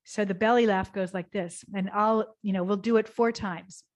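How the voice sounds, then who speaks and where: A woman teaching a gentle yoga class, guiding softly and slowly, then bursting into cheers and laughter exercises. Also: medium pitch, fairly even intonation. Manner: soothing and slow, breaking into loud laughter and cheers.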